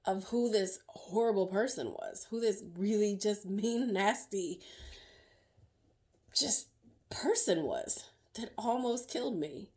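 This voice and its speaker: Emotional middle-aged woman, halting speech. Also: medium pitch, darkish tone. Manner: halting, emotional, many fillers and restarts. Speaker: survivor sharing her story. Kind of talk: personal testimony.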